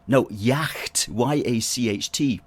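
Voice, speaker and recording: A man's voice: mid-range voice, slow, husky. A Scottish man voicing a patient Scottish shipbuilder in a joke, keeping close to his own voice.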